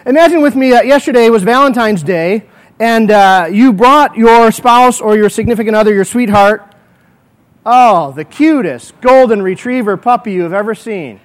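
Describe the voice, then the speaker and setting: A male pastor with a high-pitched voice delivers a morning sermon in a church. He moves from earnest prayer to lively storytelling built on vivid what-if scenarios that he spins out for the congregation. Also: moderate pace.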